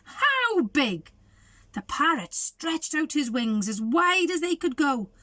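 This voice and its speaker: A woman's voice: high voice, expressive, measured pace, sharp tone, no echo. A woman reading a picture book aloud to children, asking them coaxing questions. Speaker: storybook reader for children.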